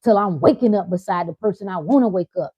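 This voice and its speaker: A woman's voice: medium pitch, quick pace, mellow, slightly rough, no room sound, dull audio. A woman hosting a spiritual livestream, talking in an emphatic, preacherly, colloquial way and repeating her lines for effect. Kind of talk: motivational livestream talk.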